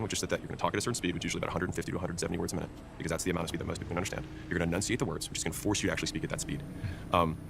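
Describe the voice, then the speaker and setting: A man who trains salespeople, talking fast and emphatically and teaching through examples in a casual podcast conversation. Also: low voice, vocal fry, noisy background.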